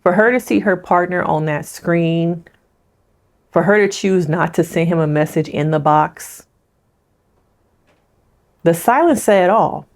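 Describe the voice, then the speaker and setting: A woman's voice: fairly low pitch, unhurried, pauses often. A woman therapist giving a casual, chatty recap of a reality show and talking straight to her viewers. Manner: chatty, addresses viewers directly. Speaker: licensed therapist.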